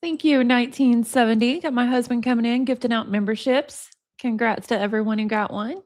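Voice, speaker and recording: Female livestream host, chatty, reads aloud, a touch high-pitched. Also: steady tone, brisk, darkish tone. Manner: chatty, laughs often, reads passages aloud. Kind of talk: casual livestream chat and reading aloud.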